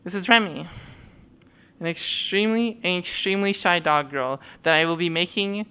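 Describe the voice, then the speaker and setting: A woman's voice: fairly low pitch, moderate pace, bright, forceful tone, smooth. A young woman streamer chatting casually and rambling with lots of fillers and swearing while showing off avatars.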